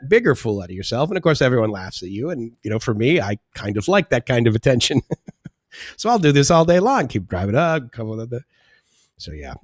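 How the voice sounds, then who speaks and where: A man's voice: mid-range voice, no echo. A man hosting a casual live stream, chatting in a rambling way and laughing often as he reads out chat comments.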